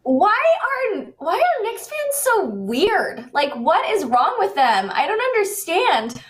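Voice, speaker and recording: A woman co-hosting a sports chat show, talking in a lively, incredulous way. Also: very high voice, slow pace, recorded from a distance. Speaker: co-host.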